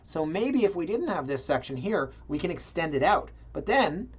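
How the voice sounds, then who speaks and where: A man hosting a casual video, reviewing condo listings in a sarcastic, animated way and talking straight to his viewers. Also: fairly high pitch, moderate pace, husky. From Canada. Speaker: realtor and video blog host. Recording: slightly dull, lo-fi sound.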